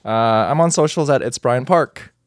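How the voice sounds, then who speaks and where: A man co-hosting a podcast in casual chat, laid-back and quick to laugh. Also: medium pitch, no room sound, studio quality. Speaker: podcast co-host.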